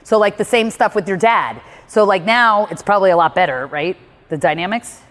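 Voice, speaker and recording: A woman's voice: medium pitch, a little fast, a bit bright, long reverb tail. A woman giving candid one-on-one advice in a blunt, emphatic way, swearing freely. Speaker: personal growth speaker coaching a listener.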